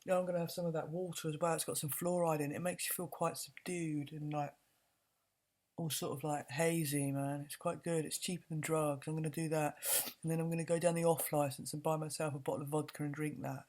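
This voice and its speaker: A woman's voice: low voice, flat delivery, fairly quick, a little mellow. A woman mocking a dazed, complacent woman who is happy with her lot, in a dozy, sarcastic tone. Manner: mock-contented, dozy sarcasm.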